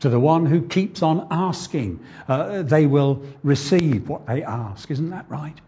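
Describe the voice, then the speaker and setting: A man preaching a sermon, slow and earnest, asking the congregation rhetorical questions. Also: a little high, animated, warm tone, husky, highs cut off. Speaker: pastor.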